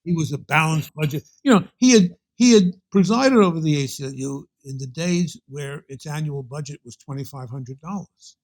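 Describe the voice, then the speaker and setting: His pitch runs fairly high, and he talks at a moderate pace with few pauses. The older man, Brooklyn accent and all, is an interview guest rambling through anecdotes, restarting phrases and stacking asides before getting to the point.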